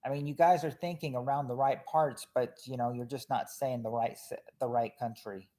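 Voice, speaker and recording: A man hosts a casual game night stream, ruling on guesses one after another. His voice sits in an ordinary middle pitch. He talks in a chatty, halting way, restarting words and letting lines trail off quietly. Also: steady tone. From Kentucky. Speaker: game host reading out guesses. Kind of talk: casual livestream game commentary.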